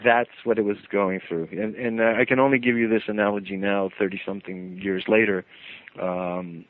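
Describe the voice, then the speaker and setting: A man who is a radio guest, telling a personal story in an animated way and acting out the scenes. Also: on the low side, normal speed, no room sound. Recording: tinny phone line on the radio.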